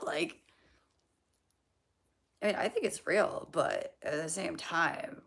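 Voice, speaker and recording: A hoarse young woman talks loosely to her livestream chat, swearing and drifting between thoughts. Her voice sits deep for a woman and is heavily gravelly and husky. Her pitch still bounces around a lot as she talks. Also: very animated, moderate pace. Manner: rambling, swearing, slangy, laughing at her own jokes. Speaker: livestream host answering chat.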